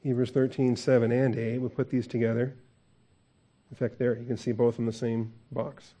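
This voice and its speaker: A man's voice: mid-range voice, little pitch movement, normal speed, dark tone, lo-fi sound. A man preaching a conversational verse-by-verse sermon as a pastor, asking the congregation questions and chuckling often.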